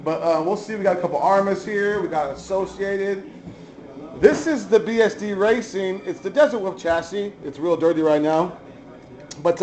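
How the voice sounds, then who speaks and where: A man's voice: high voice, darkish tone, rough recording. A man giving a casual, chatty show-and-tell of his hobby cars, offhand and swearing now and then. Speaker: RC hobby vlogger.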